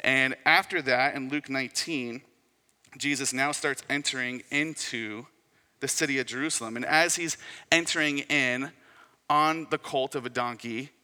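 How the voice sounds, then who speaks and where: A man preaching a sermon in a relaxed, conversational way, retelling scenes and acting out short quotes. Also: mid-range voice, normal speed, in a large hall. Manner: conversational, storytelling with acted quotes. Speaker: pastor.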